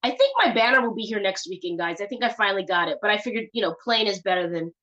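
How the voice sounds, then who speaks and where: A woman's voice: mid-range voice, expressive, fast talker, a bit bright, dull audio. A woman hosting her own show, chatting casually and rambling with many fillers and restarts. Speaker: show host. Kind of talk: casual live show chat.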